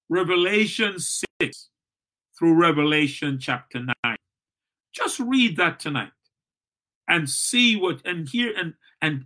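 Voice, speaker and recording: Bright-voiced earnest male pastor. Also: a little high. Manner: earnest, repeats phrases for emphasis. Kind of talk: bible study teaching. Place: church, livestreamed.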